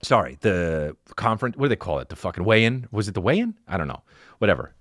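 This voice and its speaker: A man's voice: fairly low pitch, sing-song, fast talker, a bit bright, dry recording, studio quality. A man hosting a podcast, ranting casually in a profane, rambling way, full of restarts as he tells a story. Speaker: podcast host. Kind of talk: casual comedic rant. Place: podcast studio.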